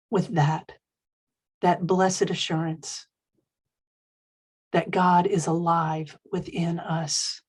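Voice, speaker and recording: Slow emphatic woman minister preaching. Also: fairly low pitch, breathy edge. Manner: expressive, emphatic, slowing for key phrases. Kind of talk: sermon.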